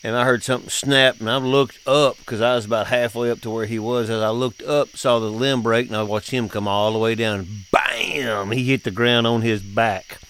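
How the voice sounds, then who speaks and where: A medium-pitched, fairly bright voice belongs to a middle-aged father who hosts a podcast. He tells family stories at normal speed with fairly even intonation and hardly any pauses, folksy and drawling, laughing often in a casual chat. A little hiss or hum is present.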